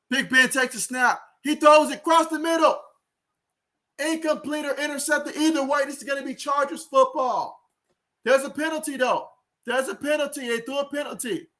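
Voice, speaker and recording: A man calling a football game play by play on his own livestream, excitable and chatty with his viewers. His voice sits very high for a man. He talks into a home streaming mic. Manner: excitable, talks to viewers, reads out chat comments. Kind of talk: live play-by-play commentary.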